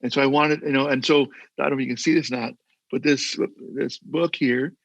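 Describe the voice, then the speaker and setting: A man's voice: medium pitch, steady tone, a little fast, gravelly, a bit bright, dry recording. An older man and former mayor, a guest telling stories in a casual interview, earnest and rambling with many restarts, heard over a video call.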